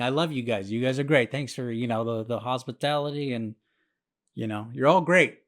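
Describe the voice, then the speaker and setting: A man's voice: medium pitch, moderate pace, fairly bright tone. A man hosting a podcast who tells a story in a rambling, profane, self-mocking way. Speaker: podcast host. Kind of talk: casual storytelling monologue.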